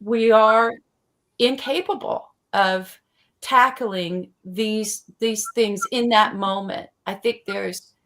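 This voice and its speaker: A woman's voice: medium pitch, slow, fairly bright tone. A woman who grew up in the American Midwest, hosting a casual discussion and thinking aloud as she searches for words. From Tornado Alley, US Midwest. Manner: thinking aloud with many restarts.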